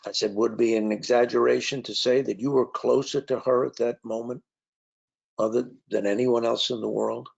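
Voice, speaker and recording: A gravelly-voiced man speaks in an easy, anecdotal way, with plenty of fillers and restarts as he tells stories to his listeners. The sound is dull and lo-fi, and his pitch sits in a middle range for a man. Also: steady tone, normal speed. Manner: conversational, anecdotal, with frequent fillers. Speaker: author and speaker. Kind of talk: storytelling talk. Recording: dull lo-fi recording.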